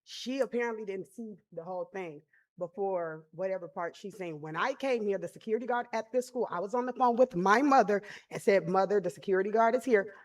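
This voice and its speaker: A woman's voice: mid-range voice, a little fast. A woman parent giving a heated, emphatic public comment at a school board meeting.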